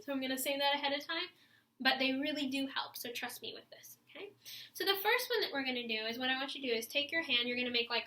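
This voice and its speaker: A young woman teaching saxophone students to stretch and breathe, guiding them step by step and showing sighs and deep breaths herself. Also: bright, forceful tone, roomy sound. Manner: encouraging, demonstrates breaths and sighs. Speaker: music teacher. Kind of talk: instructional video for young students.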